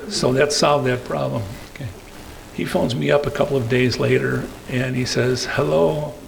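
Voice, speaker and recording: An older guest speaker with a gravelly, ordinary-pitched voice tells anecdotes to a meeting room as he clicks through slides. He rambles at normal speed in a level tone, hesitating on fillers between phrases and tagging points with "okay?" The audio is poor, with slight background noise.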